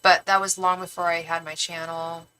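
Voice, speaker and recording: A slangy woman streamer from the San Francisco Bay Area in Northern California hosts a tarot livestream, casually chatting and reading viewer comments aloud. Her lowish, smooth voice moves at a moderate pace, animated, full of "like" and playful swearing. The audio is poor.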